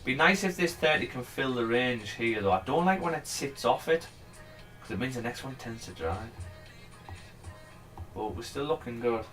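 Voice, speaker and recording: A man's voice: mid-range voice, expressive, moderate pace, fairly bright tone, faint music behind. A man giving casual, rambling commentary on a live trading stream. He chats freely, swears now and then, and urges the price on as he goes. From England.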